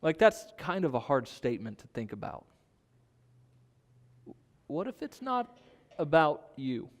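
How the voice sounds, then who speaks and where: A man's voice: on the high side, very animated, measured pace, long reverb tail. A man preaching a sermon in a conversational way, asking his listeners rhetorical questions. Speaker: pastor.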